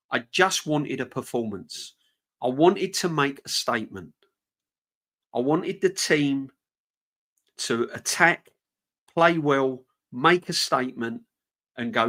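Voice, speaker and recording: A man's voice: medium pitch, expressive, slow, long pauses, bright, forceful tone. A man hosting a fan channel live stream, ranting with passion and repeating himself. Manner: passionate, fuming, repetitive.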